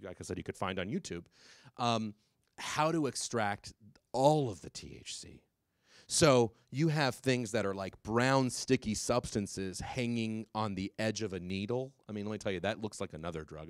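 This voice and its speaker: A man giving a public talk to parents, animated and quick, with many fillers and restarts. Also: fairly low pitch, no room sound, studio quality. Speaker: drug policy speaker.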